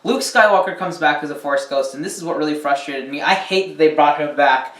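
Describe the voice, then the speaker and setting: A movie reviewer with a fairly high, slightly bright voice rants casually about a film, talking a little fast and rambling with lots of ums and the odd swear word. It's recorded in an echoey room with a distant mic.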